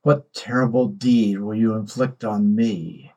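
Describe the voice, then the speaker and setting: A man voicing a calm, mysterious god in disguise who speaks quietly and without concern. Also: lowish voice, a little slow, muffled recording.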